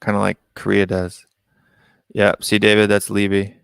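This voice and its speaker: A man's voice: fairly low pitch, little pitch movement, moderate pace, creaky, fairly bright tone, clean tone, no echo, clean studio sound. An American man hosting a casual live-stream call-in show, reading out viewer comments and musing on them aloud. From United States.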